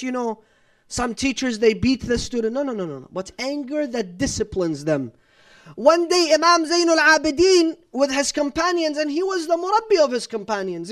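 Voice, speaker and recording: A man giving a sermon in a strikingly high voice. He keeps it conversational, asks the audience rhetorical questions and repeats "no, no, no" to press a point, with Arabic religious terms mixed in. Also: a bit bright. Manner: repeats "no, no, no" for emphasis. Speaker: Islamic preacher. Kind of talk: sermon lecture.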